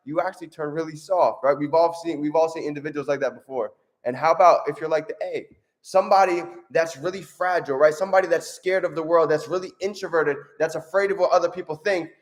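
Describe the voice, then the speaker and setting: High-voiced, upbeat motivational man. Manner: energetic, upbeat, repeats "right?". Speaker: motivational vlogger. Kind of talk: motivational talk and storytelling.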